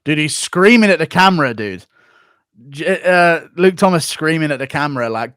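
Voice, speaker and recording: A man's voice: fairly high pitch, animated, normal speed, a bit bright, smooth, dry recording, studio quality. An American man hosting a livestream who reads out donations and rants with lots of swearing. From United States. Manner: profane, opinionated ranting. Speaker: streamer host. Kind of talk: livestream commentary, reading donations.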